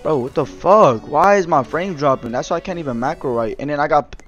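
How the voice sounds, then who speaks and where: A young man doing loud, trash-talking commentary over game voice chat, laughing a lot. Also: fairly high pitch, brisk, dull audio, soft background music. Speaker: gaming streamer.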